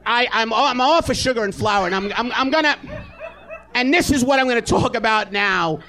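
A man tears into a stand-up rant. His voice sits very high and sounds forceful and sharp. He is loud, profane and exasperated throughout. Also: normal speed. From New York. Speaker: comedian guest. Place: live comedy theater stage.

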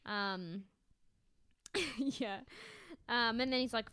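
Bright chatty woman. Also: on the high side, drawn-out words, smooth, no echo, studio quality. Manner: chatty, lots of fillers, swears, laughs often. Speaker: podcast co-host. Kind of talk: casual chat recapping a reality TV show.

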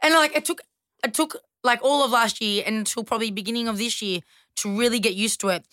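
Australian woman, guest, bright and punchy, blunt and sweary, dry close mic. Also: a little high, a little fast, no room sound. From western Sydney, Australia. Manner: blunt, swears a lot, laughs often. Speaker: guest, boxer. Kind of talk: casual chat.

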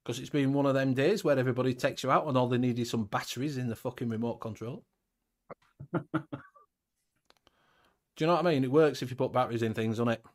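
A man's voice: medium pitch, fast, long pauses. A man with a Northern English accent hosting a casual livestream chat, swearing freely and chuckling as he talks. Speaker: host.

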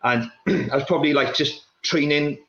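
A young man, a former runner, talking in a casual chat, restless and repeating himself in quick bursts. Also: on the high side, a bit bright. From Wales. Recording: roomy, dull lo-fi sound.

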